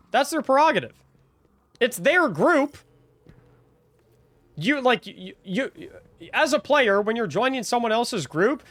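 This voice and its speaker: A young man with a high-sitting, slightly bright voice rants on a livestream. He sounds casual and exasperated, often restarting and repeating words.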